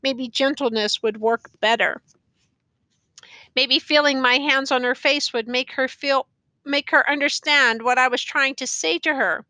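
A woman's voice: high-pitched, a little slow, pushed and bright, no echo. A woman reading an audiobook, voicing a frustrated young male teacher who protests in an exasperated way.

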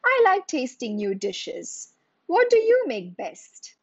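A woman's voice: sits high, wildly swooping pitch, slightly rough, no room sound, dull audio, pitched above the performer's own voice, heavily acted. A woman putting on a bored, haughty rich nobleman. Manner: bored, then quick to anger.

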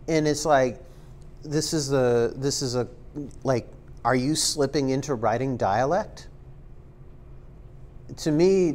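A man giving a casual spoken tutorial as an instructor, rambling with lots of ums and likes and making self-aware, joking asides. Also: mid-range voice. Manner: rambling and filler-heavy, many ums and likes. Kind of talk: casual screen-recorded tutorial talk.

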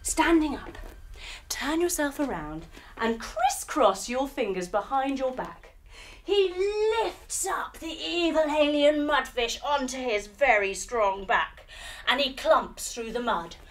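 A woman telling a guided yoga story for children, playful and animated with sound effects. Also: sits high, slow, slight background noise. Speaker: kids' yoga instructor and storyteller.

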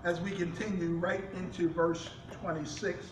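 A man's voice: high-pitched, little pitch movement, moderate pace, reverberant, recorded from a distance, background noise. A man, a pastor, preaching a sermon with rising fervor and repeated restarts.

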